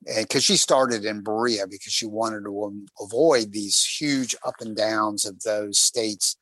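A man hosting a talk show, telling stories from a bike trip in a casual, animated way and acting out the quotes. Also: lowish voice, a little slow. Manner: animated, rambling storyteller who acts out quotes. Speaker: radio show host on a cycling trip. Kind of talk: casual storytelling chat on air.

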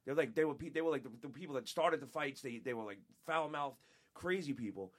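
A man from upstate New York, a former radio show staffer, telling profane, animated stories as a guest in a casual chat. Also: medium pitch, a little fast. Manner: profane, animated, laughing, acts out quotes.

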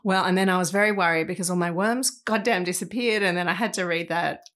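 A woman's voice: on the low side, fairly even intonation, fast, fairly bright tone. A woman with an Australian accent, co-hosting a podcast in enthusiastic, rambling casual chat. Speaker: podcast co-host.

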